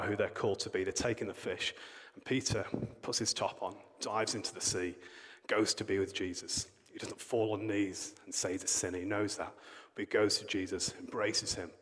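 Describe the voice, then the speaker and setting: Man, sermon, conversational storytelling, fairly low voice, reverberant hall. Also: fairly bright tone. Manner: storytelling, plain conversational preaching. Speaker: preacher. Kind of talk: sermon with Bible reading and prayer.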